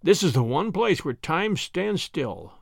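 Brief: man voicing a wistful gentleman, slow, low, dry. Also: sing-song, creaky, no room sound, exaggerated voice. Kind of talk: audiobook character reading.

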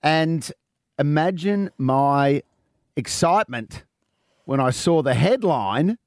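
A man's voice: a little high, expressive, slow, no echo, studio quality. Upbeat male radio host. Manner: upbeat, jokey, hosts a quiz. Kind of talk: casual radio banter and quiz hosting.

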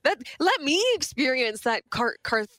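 A young woman co-hosts a radio show, talking at a slightly high pitch and spinning stories in a chatty, lively way. She starts over often, and her studio mic sounds close and dry with no room around it. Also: moderate pace, no room sound. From Southwestern Ontario, Canada. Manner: chatty, animated storyteller with frequent restarts. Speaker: radio co-host. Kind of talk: casual radio chat. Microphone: studio microphone.

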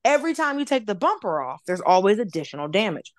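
A woman from Atlanta, a comedian guest, telling a story in casual chat, animated and profane, acting out other people's voices. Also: medium pitch, fast, no echo. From Atlanta, United States.

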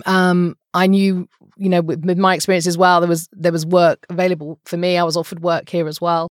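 A middle-aged woman from the English Midlands with an English accent, chatting as a guest in a casual interview and telling lively stories. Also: lowish voice, fairly quick, no room sound, clean studio sound. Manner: lively storyteller, mimics regional accents. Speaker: podcast guest, journalist.

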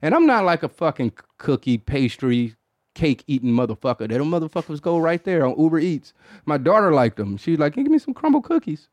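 A man's voice: a little high, animated, a little fast, a little mellow, no room sound. Profane, loose-talking man hosting a podcast. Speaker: podcast host. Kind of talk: casual chat.

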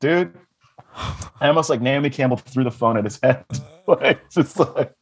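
A man's voice: medium pitch, moderate pace, breathy edge. A man on a podcast telling rambling comic stories, laughing often and swearing. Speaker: podcast guest. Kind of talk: casual comedic storytelling.

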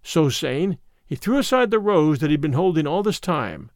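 Expressive male storybook narrator. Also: fairly high pitch, moderate pace, dry recording, clean studio sound. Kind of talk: scripted narration of a classic tale.

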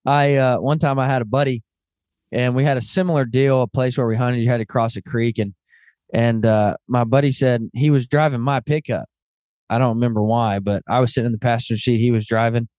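A man hosting a podcast, telling stories in lively casual chat and calling people "man". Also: mid-range voice, brisk, dry recording, clean studio sound. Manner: animated storyteller, calls people "man". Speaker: podcast host.

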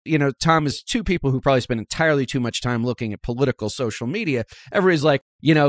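A man's voice: medium pitch, lively intonation, fast talker, few pauses, no room sound, studio quality. A man hosting a podcast, chatting wryly about politics and slipping in quoted asides. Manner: conversational, wry, quotes people in asides. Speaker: podcast host. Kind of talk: casual political chat.

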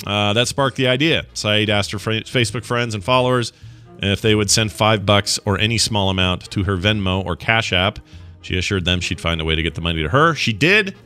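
A man co-hosting a casual comedy podcast, reading a news story and riffing on it in an animated, joking way. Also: lowish voice, a little fast, soft background music. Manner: animated, jokey, getting worked up. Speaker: podcast co-host.

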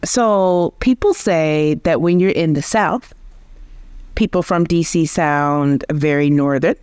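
A woman from Georgia, a linguistics researcher, explaining speech sounds in a measured, teacherly way as an interview guest. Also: low-pitched, darkish tone, clean tone, no echo, clean studio sound. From Georgia, USA. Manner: measured, teacherly, restarts phrases.

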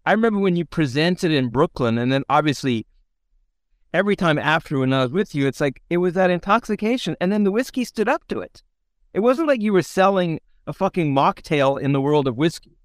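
High animated guy host, bouncing all over, swears a lot, dry close sound. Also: fairly quick, dry recording. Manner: animated storyteller who acts out quotes, swears freely. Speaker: podcast host. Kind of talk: casual interview chat.

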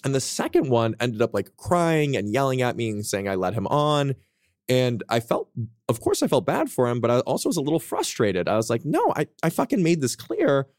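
A man's voice: mid-range voice, big pitch swings, a little fast, no room sound, studio quality. A man in his twenties telling candid, profane stories as a guest author on a casual podcast.

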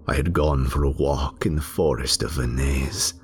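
A male narrator giving a theatrical first-person story reading, lingering on words and dropping into hushed whispers. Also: very deep voice, moderate pace, slight background noise.

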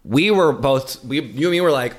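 Animated, profane gossiping man. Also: medium pitch, moderate pace. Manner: animated, profane storyteller, calls friend bitch and girl. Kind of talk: casual gossipy chat.

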